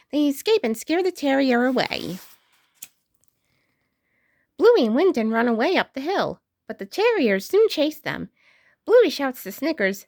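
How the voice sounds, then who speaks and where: A woman's voice: high voice, very animated, unhurried, pauses often, a little mellow, no echo, clean studio sound. A woman reading a children's storybook aloud, narrating expressively. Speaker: storybook reader.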